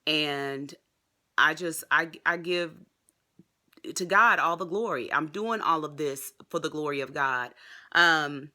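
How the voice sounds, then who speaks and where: Bright, excited woman vlogging. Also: low voice, slow pace. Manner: excited, chatty, addresses viewers as y'all. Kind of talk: casual vlog update.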